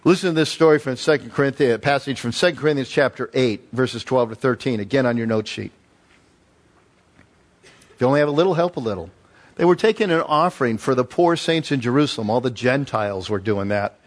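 A man preaching a sermon as pastor, telling stories with lively emphasis and repeated phrases. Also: mid-range voice, brisk. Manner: animated storytelling with emphatic repetition.

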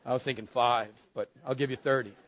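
A man's voice: medium pitch, fairly even intonation, a little fast, some chatter behind. Candid, wry male pastor telling a story. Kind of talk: sermon storytelling. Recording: dull, lo-fi dry sound.

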